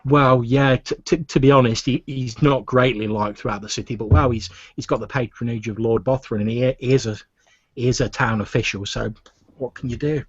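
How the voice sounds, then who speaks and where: A man's voice: mid-range voice, fairly even intonation, a little fast, dry recording, lightly acted. A man doing a confiding, stammering guard. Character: wry male town guard, sharing gossip. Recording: muffled lo-fi recording.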